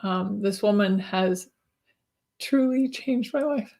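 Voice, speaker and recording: Female host, gentle, inviting, emotional; video-call interview. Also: medium pitch, slow. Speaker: podcast host. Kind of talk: warm-hearted interview chat.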